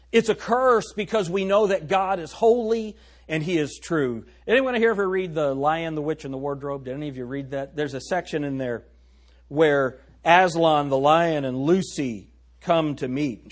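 A male preacher with a husky, somewhat high voice delivers a sermon. He is emphatic and folksy, slowing down to stress words and speaking straight to his listeners. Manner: folksy, addresses the congregation directly.

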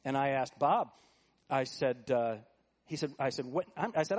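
This middle-aged pastor's sermon moves fairly quickly in a medium-pitched, slightly rough voice. He throws rhetorical questions at the congregation and swings between quiet asides and raised, emphatic statements.

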